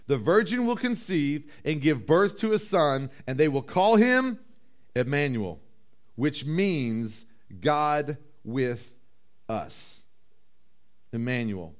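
In a church, a male pastor preaches a sermon, telling the story with animated character voices and dropping low and slow for emphasis.

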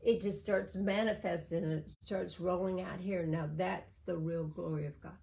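A woman's voice: on the low side, steady tone, normal speed, gravelly, mellow, poor audio. An older woman pastor preaching fervently in a casual talk, repeating phrases for emphasis. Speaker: pastor and co-host.

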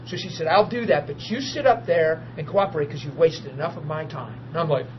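A man preaching a testimony as a story, excitable, bursting into laughter and shouts. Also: a little high, brisk. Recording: muffled recording with steady hum.

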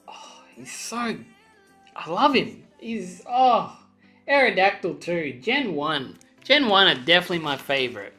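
Young woman ripping open card packs, swears a ton, pitch jumping all over, soft music behind. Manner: excitable, swears a lot, chatty asides to viewers. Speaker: channel host opening card packs. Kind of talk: casual pack-opening commentary.

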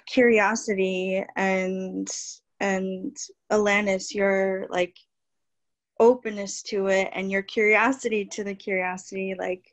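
A woman joining a video call as a participant, gushing and tearful, with sighs and pauses. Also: mid-range voice, little pitch movement. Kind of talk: emotional sharing on a video call. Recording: muffled lo-fi call audio.

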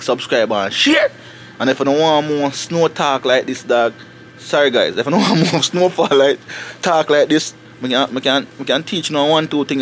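A man with a Jamaican accent talking casually to camera for his family vlog outdoors in the snow, animated and preachy, slipping into patois. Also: medium pitch, slight background noise. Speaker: family vlogger.

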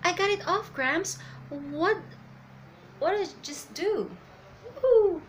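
Brash young male pirate, read out by a woman, loud excited outbursts, pitched high. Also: normal speed, a little hiss or hum. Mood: elated.

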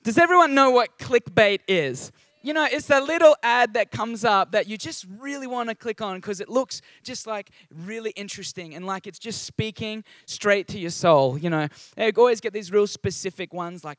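A man's voice: high-pitched, moderate pace, fairly bright tone, no room sound. A young Australian man giving a chatty, upbeat sermon at a church service. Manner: chatty and upbeat, with frequent ums and asides. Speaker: guest preacher.

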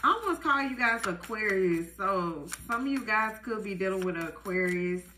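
A woman giving a casual tarot reading to viewers, chatty and animated, full of fillers. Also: mid-range voice, normal speed, echoey room, a little hiss or hum, low-quality recording. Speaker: tarot reader.

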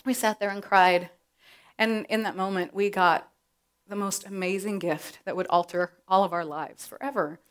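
A middle-aged woman telling a personal story to an audience, animated and acting out the voices she quotes. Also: mid-range voice, moderate pace, smooth. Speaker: presenter.

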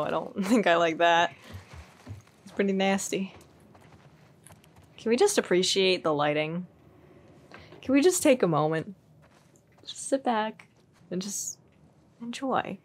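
A young woman giving casual, chatty let's-play commentary, giggling and poking fun at herself. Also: fairly low pitch. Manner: chatty, giggly and self-deprecating. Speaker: gaming streamer.

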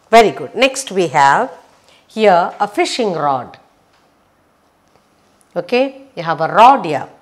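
A woman teaching a children's phonics lesson, sounding out letters slowly and repeating each one. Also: mid-range voice.

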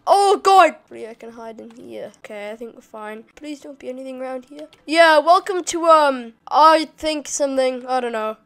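High-voiced excitable woman gamer. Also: brisk, creaky, few pauses, clear, resonant tone. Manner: excitable, swears a lot, yells insults at enemies. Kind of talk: gameplay commentary.

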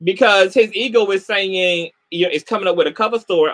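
A middle-aged man hosting a livestream commentary show, animated and sassy, swearing heavily and greeting viewers by name. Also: high-pitched, fairly quick.

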